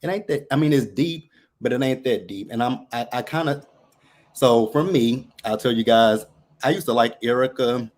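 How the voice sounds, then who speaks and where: A man's voice: medium pitch, normal speed. A man calling in to a talk show, chatting casually and making his points emphatically with a string of rhetorical questions. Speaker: caller. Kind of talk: casual chat.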